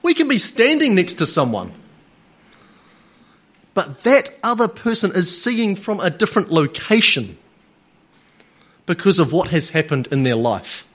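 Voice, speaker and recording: A man lecturing a live group, chatty and playful with the audience, then slow and deliberate. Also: high voice, big pitch swings, a bit bright.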